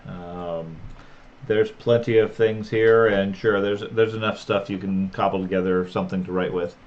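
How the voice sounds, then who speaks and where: A man narrating as game master for a tabletop role-playing game, describing scenes in a relaxed, unhurried way. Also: deep voice, muffled recording.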